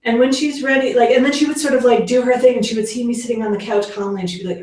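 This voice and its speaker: With a fairly high, steady, darkish voice, a woman rattles along very fast while giving a casual parenting workshop talk as an educator. Fillers pepper her chatty delivery, and she acts out quoted lines. The recording has heavy room echo from a far-off mic.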